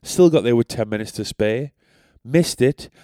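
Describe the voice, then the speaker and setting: A man's voice: mid-range voice, normal speed, dark tone, no room sound. A young man who tells stories on a podcast in a rambling, sweary, self-deprecating way. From North East England. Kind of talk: casual storytelling.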